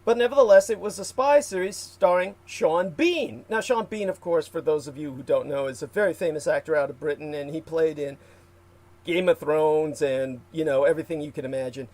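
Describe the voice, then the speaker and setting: A man's voice: on the high side, brisk, darkish tone. A man hosting a casual livestream, rambling with many fillers and restarts and reading out viewer comments. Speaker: livestream host.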